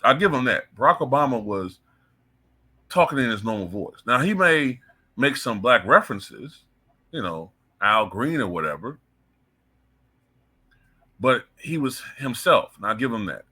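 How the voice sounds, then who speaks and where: A man's voice: mid-range voice, sing-song, measured pace, pauses often, sharp tone, breathy edge. Blunt, heated male commentator. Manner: blunt and heated, curses freely. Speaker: political commentator. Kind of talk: casual opinion commentary.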